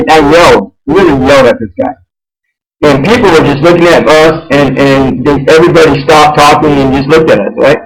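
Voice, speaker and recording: A man hosting a radio show, telling a personal story in a rambling, halting way, repeating and restarting phrases. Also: a little high, crowd noise, rough recording. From United States. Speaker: host.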